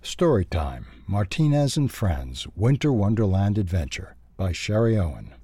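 A man reading a children's storybook aloud, expressive and lively. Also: lowish voice, a little slow, slightly rough, no echo.

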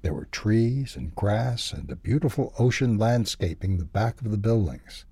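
A man reading a book review and then a children's story in a steady, measured way. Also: lowish voice, gravelly, husky, dry recording. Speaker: reader.

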